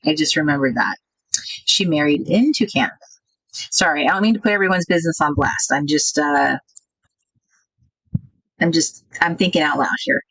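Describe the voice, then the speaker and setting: A woman hosting a casual craft livestream, thinking out loud and chatting with viewers about their comments. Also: low-pitched, moderate pace, long pauses, no room sound, low-quality recording. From United States.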